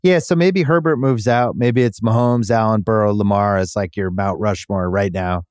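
Man briskly ranking quarterbacks, dry sound. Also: lowish voice, a little mellow, smooth, no echo. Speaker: sports betting podcast host. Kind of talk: casual sports chat.

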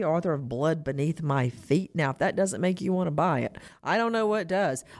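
A woman hosts a true crime talk show with a lively, rising and falling voice. She is sarcastic and laughs often. Her delivery is punchy and opinionated. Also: fairly low pitch. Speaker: host.

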